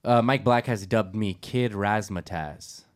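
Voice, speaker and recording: A man's voice: fairly low pitch, unhurried, slight background noise. Earnest man telling a story. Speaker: podcast host. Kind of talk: casual comedy chat.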